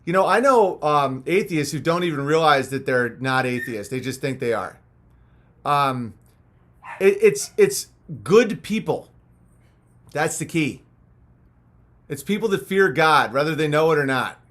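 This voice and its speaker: Male streamer, slightly high voice, crude jokey rambling, tired after hours on air. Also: expressive, unhurried, pauses often, fairly bright tone. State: a little punch-drunk after hours of talking. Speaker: live-stream host. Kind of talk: casual live-stream chat, reading viewer messages.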